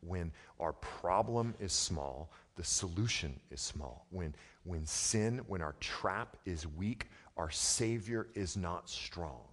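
A male pastor with a somewhat low voice preaching a conversational sermon. He drops quiet, then climbs to loud, emphatic stretches. The sound carries a long reverb from a church sanctuary. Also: animated, slow pace, hardly any pauses.

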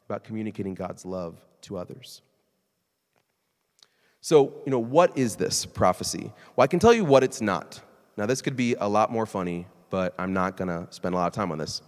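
A man preaching a sermon in a conversational, animated way, sometimes acting out quoted voices. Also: fairly low pitch, in a large hall. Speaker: pastor.

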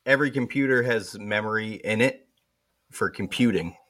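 A man's voice: fairly low pitch, normal speed, a loud crowd. A man hosting a podcast in casual chat, joking and laughing often. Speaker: podcast host.

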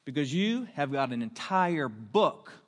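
A male pastor preaching a sermon, emphatic, with rhetorical questions and drawn-out punch lines, in a church hall. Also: fairly high pitch, very animated.

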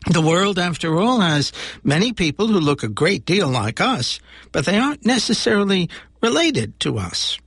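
Animated male radio storyteller. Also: sits high, normal speed, vocal fry, breathy edge, no room sound. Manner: animated storytelling with voiced characters. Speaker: radio host. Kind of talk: reading a children's story aloud on radio.

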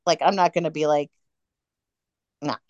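Femme à la voix grave, bavarde. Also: female voice, low voice, normal speed, no room sound, highs cut off. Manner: chatty, animated, acts out quotes. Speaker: podcast co-host. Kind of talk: casual fan chat.

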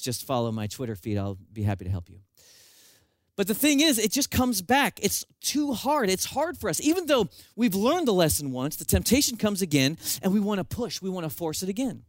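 A man preaching a sermon with animated storytelling and self-mocking humor. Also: sits high, a little fast, no echo. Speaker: pastor.

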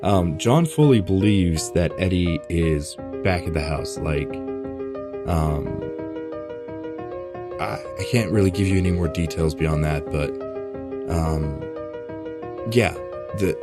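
Deep-voiced man running a tabletop game. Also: takes it slowly, pauses often, loud music behind the voice. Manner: relaxed, filler-heavy. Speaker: game master.

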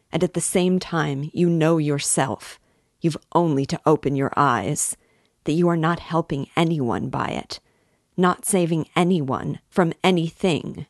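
A woman's voice: deep voice, dry recording, studio quality. A woman reading the lines of an intense, feverish young man who lectures almost in a frenzy.

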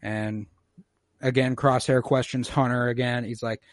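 A man's voice: medium pitch, little pitch movement, no echo, studio quality. Casual man recapping with profane asides. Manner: loose, profane, acts out lines in quick voices. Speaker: podcast co-host recapping an episode.

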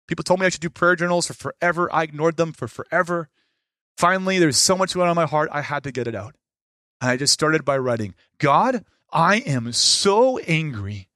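A man preaching a sermon with a fairly high voice. He swings between forceful emphasis and hushed asides. The sound is dry and close, with no room echo. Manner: animated, shifts between loud emphasis and quiet asides. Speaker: pastor.

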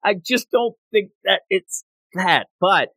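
A man casually recapping a manga chapter with a co-host, rambling and quickly acting out the characters' lines. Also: sits high, expressive, sharp tone, no echo.

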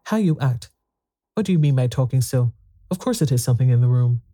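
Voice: medium pitch, lively intonation, brisk, dark tone, no room sound, natural voice. A reader voicing a stern, rigid woman who speaks curtly and dryly, in a storybook reading. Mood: sharp. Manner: curt and dry.

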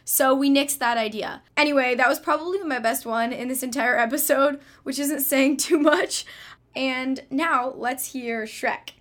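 A woman's voice: high voice, a little slow, a bit bright. A young woman hosting a casual show, giggly and self-deprecating. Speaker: podcast host. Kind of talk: casual chat and narration.

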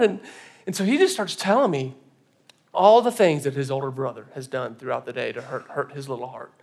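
A man in his thirties preaching a sermon, telling a family story with lively acted-out voices that swing from hushed to loud. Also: on the high side, brisk. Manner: animated storytelling, acting out scenes, swinging from soft to loud. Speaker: pastor. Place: church stage.

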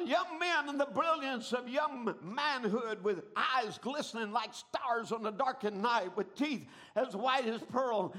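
A man preaching with a strikingly high voice. He tells his story dramatically, building up and bursting into shouts at the peaks. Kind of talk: sermon.

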